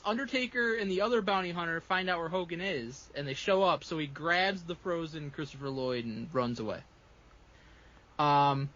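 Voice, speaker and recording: A man's voice: on the high side, a bit bright, dull audio. A man co-hosting a podcast, recapping a movie in casual, profane chat and laughing often. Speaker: podcast co-host recapping a film.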